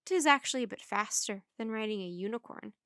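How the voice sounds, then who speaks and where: A woman's voice: mid-range voice, animated, a little fast, sharp tone, clean tone, no room sound, clean studio sound. A woman reading aloud, voicing a smug, mocking teenage boy villain in a children's story.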